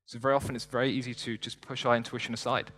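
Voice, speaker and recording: A young man giving an energetic motivational talk from a stage, conversational and joking with the audience. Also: medium pitch, very fast. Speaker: motivational speaker. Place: stage before a live audience in a large hall. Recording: long hall reverb.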